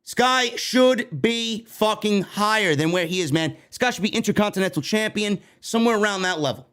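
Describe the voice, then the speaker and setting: A man from New York runs a wrestling news show in a heated, profane rant. His voice sits high and leaps up and down with lively pitch swings. He swears freely and keeps the energy up. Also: a little fast, clear, resonant tone. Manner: animated, heated, heavy swearing. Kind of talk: profane ranting commentary.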